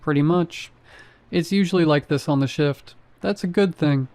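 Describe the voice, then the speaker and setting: A man voicing an apathetic night security guard who speaks in a flat, bored monotone. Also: fairly high pitch, moderate pace, no echo, close to an everyday voice. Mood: flat, deadpan.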